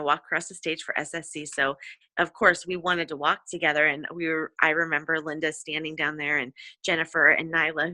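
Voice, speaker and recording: Woman team leader, bright forceful voice, encouraging and rambling, dry close sound, conference call. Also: sits low, no echo. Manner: effusive, encouraging, rambling with many fillers. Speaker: direct sales team leader. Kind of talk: motivational talk on a team call.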